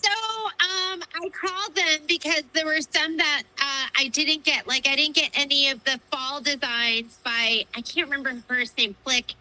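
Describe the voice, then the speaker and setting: Woman, high-pitched, sharp bright tone, casual chatty livestream co-host. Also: fairly even intonation, moderate pace, hardly any pauses, poor audio. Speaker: shop co-owner and livestream host.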